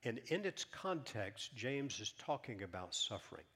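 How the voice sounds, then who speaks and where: A man preaching a sermon as pastor, emphatic, rising loud then dropping to a hush. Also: medium pitch, very animated, moderate pace, breathy edge. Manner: emphatic, swings from loud to hushed.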